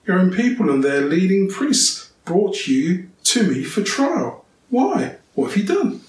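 A man's voice: high voice, big pitch swings, unhurried, voice pushed up. A man reading the part of a stern male Roman governor, with emphatic, raised questioning in a roomy, distant recording. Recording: roomy, distant, faint ambience.

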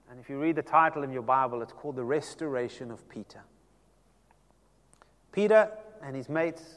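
A man, preaching a sermon as pastor and telling the story dramatically, shifting between loud and hushed passages. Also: a little high, long reverb tail.

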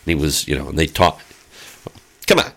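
A man's voice: very deep voice, big pitch swings, fairly quick, vocal fry, fairly bright tone. A middle-aged man telling a long, rambling story in casual chat, with lots of fillers and spoken sound effects.

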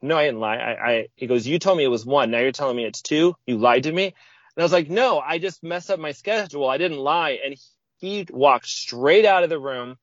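A man on a podcast telling a personal story in a relaxed, casual way, acting out what people said with sudden jumps in pitch. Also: fairly quick, dry recording. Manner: lively, acts out quoted speech with sudden pitch jumps. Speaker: podcast guest. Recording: dull, dry lo-fi audio.

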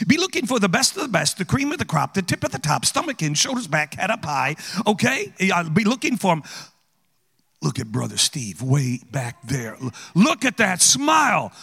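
A high, bright-voiced man preaches as a guest speaker. His voice leaps up and down as he teases and calls out to the congregation in a church auditorium. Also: creaky, slightly rough, in a large hall. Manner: animated, teasing, calls out to the audience. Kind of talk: playful sermon with audience interaction.

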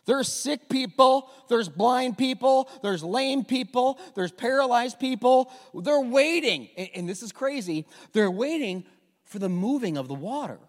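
Middle-aged pastor guy preaching, high voice all over the place, big echoey church. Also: unhurried. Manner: animated, conversational, rhetorical questions. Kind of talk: sermon. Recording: long reverb of a large hall.

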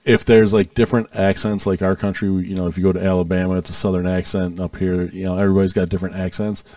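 A man's voice: low voice, flat delivery, quick pace, dark tone, dry recording, distant mic. A man co-hosting a comedy podcast, rambling through stories in casual chat with stammering restarts. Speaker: podcast co-host.

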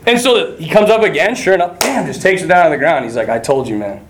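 A man's voice: high-pitched, fast talker, noisy background. A man preaching a conversational sermon, telling stories with frequent laughs and casual asides. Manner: animated, laughs often, casual "you know, like" asides.

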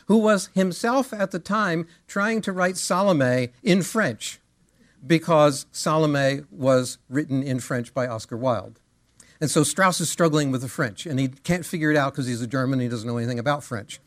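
A male music teacher giving a lecture. He explains things in an animated way and sings rhythms aloud as syllables. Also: a little high, moderate pace, no echo, studio quality.

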